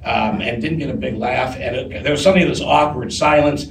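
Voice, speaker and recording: A man telling a story to a live audience on stage, animated and often breaking into laughter. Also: medium pitch, fairly quick, creaky. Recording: echoey distant live room recording with noise.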